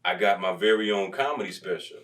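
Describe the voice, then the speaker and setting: Bright-voiced man telling a story. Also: fairly low pitch, brisk, far from the mic. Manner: animated, acts out voices in his stories. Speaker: comedian guest. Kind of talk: casual storytelling.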